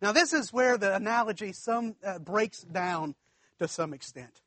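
A man with a high, bright voice tells a story from the pulpit in a folksy, chuckling way. He talks directly to his congregation, as if chatting with friends. The sound is close and dry, with no room echo. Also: animated, unhurried. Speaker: preacher. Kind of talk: storytelling sermon.

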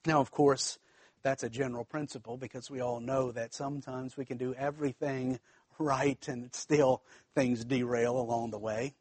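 A man's voice: mid-range voice, fairly even intonation, normal speed, a little mellow, slightly rough, no echo. A man, a pastor, preaching a sermon in a conversational way, with asides to the congregation and frequent restarts.

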